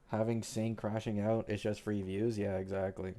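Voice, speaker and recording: A man's voice: on the low side, flat delivery, normal speed, mellow. A young man from Canada with a slight Canadian accent, chatting casually on a livestream, reading viewer questions aloud in a laid-back, slangy way. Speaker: streamer answering chat.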